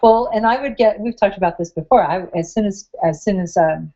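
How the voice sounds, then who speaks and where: A woman's voice: medium pitch, a little fast, mellow. A woman co-hosting a podcast, chatting casually and telling stories while she is sick. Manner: chatty, laughing storyteller. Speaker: podcast co-host, writing coach. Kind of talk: casual chat. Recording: slightly muffled sound.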